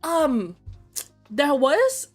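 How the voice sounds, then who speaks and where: A young woman chats on her stream, telling stories in a giggly, animated way. Her voice sits high and swings all over as she talks. Soft music plays quietly behind her. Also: extremely slow. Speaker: vtuber streamer. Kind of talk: casual chat.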